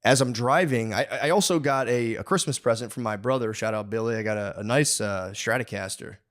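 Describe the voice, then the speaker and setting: A man's voice: medium pitch, brisk, a bit bright. A man hosting a comedy podcast, telling a long profane story as a rambling, mock-aggressive rant full of restarts and asides. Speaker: podcast host. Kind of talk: comedic ranting monologue.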